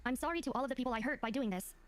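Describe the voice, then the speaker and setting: A woman co-hosting a livestream, giving heated commentary in casual chat and reading messages aloud. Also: high-pitched. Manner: fast, heated ranting, reads messages aloud. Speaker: streamer co-host.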